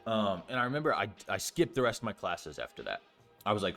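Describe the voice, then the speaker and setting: A man's voice: lowish voice, very animated, quick pace, vocal fry, a bit bright, soft background music. A young man telling a story in a casual vlog, rambling with lots of fillers and swearing freely. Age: young adult. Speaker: storytime vlogger.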